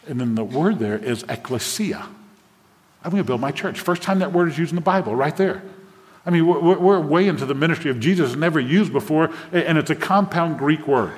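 Man, pastor, sermon, slightly high voice, asks the congregation questions, long church-hall reverb. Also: brisk.

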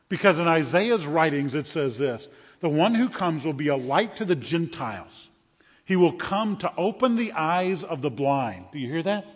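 A man preaching a sermon, dramatically acting out scripture voices and rising to loud calls. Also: a little high, breathy edge. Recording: dull sound with long hall reverb.

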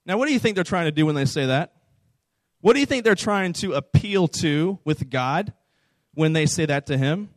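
A man's voice: on the high side, expressive, moderate pace, dry recording. A man preaching a sermon to a young audience in a conversational, informal way, often asking them questions. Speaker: preacher speaking to a youth camp audience.

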